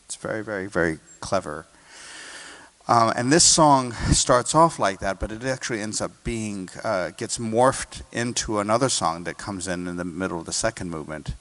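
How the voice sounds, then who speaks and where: An American man with a low, deep voice talks through a symphony as a guest conductor. He breaks into sung and hummed bits of melody to illustrate what listeners will hear. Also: moderate pace, fairly bright tone. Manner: sings and hums melodies to illustrate points. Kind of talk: explaining music in an interview.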